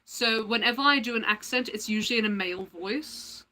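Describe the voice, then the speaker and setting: Bright, chatty woman livestreamer. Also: on the high side, fairly quick, low-quality recording. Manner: chatty, rambling, lots of fillers. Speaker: livestream host. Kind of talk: casual livestream chat.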